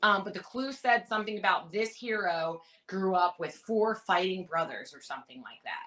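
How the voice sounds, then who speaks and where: A woman in her thirties, a reality show contestant, telling stories in a casual interview with animated, rambling detail. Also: mid-range voice, moderate pace, low-quality recording. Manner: animated, rambling anecdotes with many fillers.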